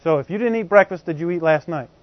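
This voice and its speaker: A man's voice: on the high side, fast talker, no echo. A man preaching a teaching sermon in a conversational way, explaining with everyday examples and often checking that his congregation is following. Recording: slightly dull, muffled recording.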